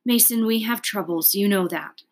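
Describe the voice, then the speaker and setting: A woman voicing a sad, kindly grown woman in a storybook read-aloud, speaking gently as if choked up. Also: medium pitch, normal speed, lightly acted. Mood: tender.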